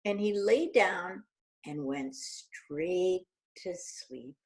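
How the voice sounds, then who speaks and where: A middle-aged woman reading a picture book aloud to young children, animated and asking them questions. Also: fairly low pitch, drawn-out words. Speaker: children's storyteller.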